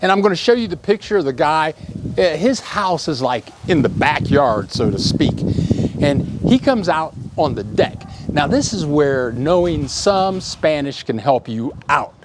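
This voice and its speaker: Slow, lively male storyteller. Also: fairly high pitch, heavy background noise. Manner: animated, acts out sounds and shouts in his tale. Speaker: vlogger telling a story. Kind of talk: casual storytelling to camera.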